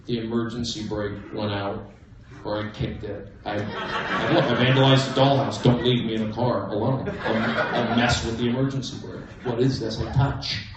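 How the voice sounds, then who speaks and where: A man doing a stand-up comedy set in a comedy club, with a manic, erratic delivery that breaks into sudden loud outbursts. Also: on the low side, level tone, moderate pace, few pauses. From American Southwest. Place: comedy club main room. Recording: roomy, distant livestream audio with crowd laughter.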